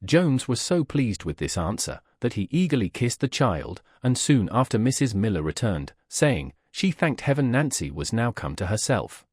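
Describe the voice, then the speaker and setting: A man's voice: mid-range voice, big pitch swings, darkish tone, slightly rough, dry recording, clean studio sound. Man narrating a classic novel. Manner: measured, formal storytelling. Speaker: audiobook narrator.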